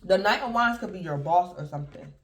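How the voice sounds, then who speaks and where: In a high-pitched, animated, slightly bright voice, a man gives a quick-paced tarot reading. He rambles casually and keeps calling viewers "collective"; the sound has a roomy echo.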